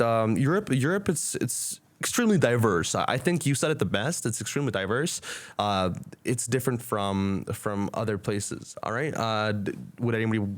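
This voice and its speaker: A man hosts a relaxed panel discussion in a mid-range voice. He talks in long, looping sentences with many restarts and keeps the conversation moving. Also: mid-range voice. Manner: talkative, repeats words, moderates the talk. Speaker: podcast host.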